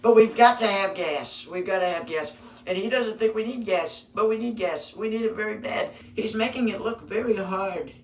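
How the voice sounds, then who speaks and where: A man's voice: high-pitched, normal speed. A man doing a blustering old politician. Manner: repetitive, bragging, sudden loud bursts. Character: boastful, rambling older male politician. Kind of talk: parody impression. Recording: roomy, distant mic with faint noise.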